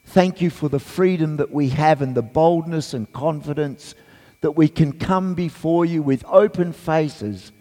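A man with a croaky voice giving a sermon as a guest preacher, hesitant with fillers, then reading scripture and praying with fervour. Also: on the high side, unhurried. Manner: hesitant, many fillers, then rises into loud fervent reading. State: croaky voice from a cold. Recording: long church reverb.

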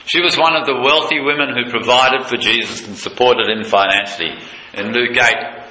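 A male preacher giving a sermon, retelling a scene with passion, dropping low and quiet and then leaping high with excitement. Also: normal speed. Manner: impassioned, leaps from low intimacy to high excited pitch. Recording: echoey room with faint noise.

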